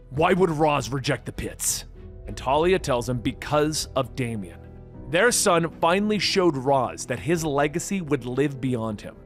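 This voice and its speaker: A man with a fairly high voice narrates a comic book story from start to finish. He reads each character's lines in his own steady delivery, never shifting into a new voice, while faint music plays underneath. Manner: reads every character in the same even voice.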